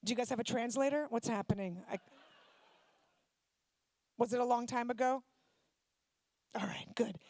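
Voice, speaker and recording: A woman from Ukraine doing stand-up comedy, teasing audience members in quick banter on a handheld stage mic. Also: on the high side, darkish tone, dry recording. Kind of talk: stand-up comedy with crowd work. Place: comedy night venue before a live audience.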